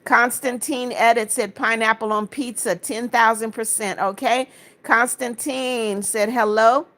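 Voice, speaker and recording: A woman's voice: on the high side, fairly even intonation, measured pace, a bit bright. A woman from Florida hosting a casual livestream, reading viewers' comments aloud and answering each with friendly greetings and blessings. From Florida, United States. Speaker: livestream host.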